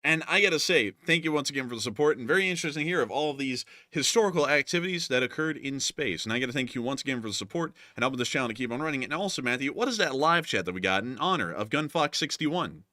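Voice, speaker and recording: A man's voice: medium pitch, expressive, fast talker, hardly any pauses, sharp tone, no room sound, studio quality. A young man from the American South with a light, mostly neutral accent, hosting a live stream in chatty, rambling talk full of fillers. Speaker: host.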